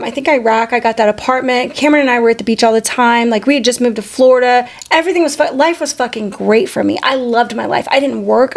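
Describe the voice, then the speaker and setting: A woman in her forties hosting a podcast, telling candid personal stories in casual chat, swearing freely. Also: a little high. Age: 40s. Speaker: podcast host.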